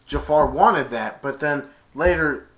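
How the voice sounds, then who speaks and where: A man's voice: a little high, takes it slowly, a bit bright. A man retelling a movie plot in a casual, rambling way, stringing events with "and then". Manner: rambling, many "and then" restarts. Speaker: movie reviewer.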